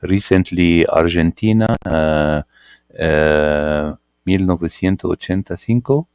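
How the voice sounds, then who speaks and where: A man's voice: sits low, measured pace, darkish tone, clear, resonant tone, no echo, studio quality. A man hosting a live interview in a polite, formal and slightly hesitant manner. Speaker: interview host.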